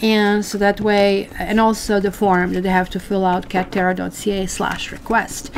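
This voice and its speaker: A woman gives a chatty live tarot reading, calling her viewers "guys" and filling her talk with fillers and asides. Her medium-pitched voice is level in tone, with vocal fry and normal speed, over a little hiss or hum.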